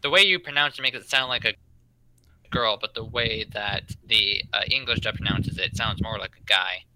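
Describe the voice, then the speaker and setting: A young man chatting casually with friends, halting and restarting his phrases. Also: lowish voice. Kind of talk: casual podcast chat. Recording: noisy with clicks.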